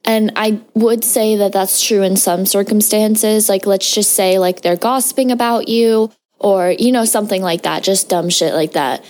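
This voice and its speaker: A woman's voice: mid-range voice, steady tone, normal speed, few pauses, darkish tone. Woman, mid-range voice, casual podcast co-host who asks questions loosely. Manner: casual, filler-heavy questioning. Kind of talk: casual chat.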